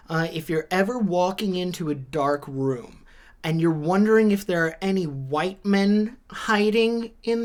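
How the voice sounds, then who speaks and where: Wry chatty man telling jokes. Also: on the high side. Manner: wry, chatty joke-telling with frequent tag questions. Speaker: comedian. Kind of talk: comedic monologue.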